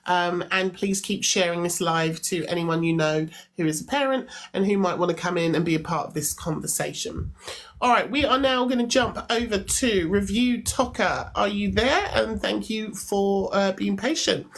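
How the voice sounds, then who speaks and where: A woman's voice: medium pitch, moderate pace, rough recording. A woman hosting a live call-in stream, friendly and organised, who keeps callers moving.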